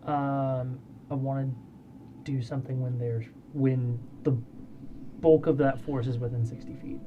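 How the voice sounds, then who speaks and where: A man's voice: mid-range voice, little pitch movement, unhurried, highs cut off, background noise. A man playing a tabletop game, speaking hesitantly with many fillers. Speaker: player. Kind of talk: casual tabletop play.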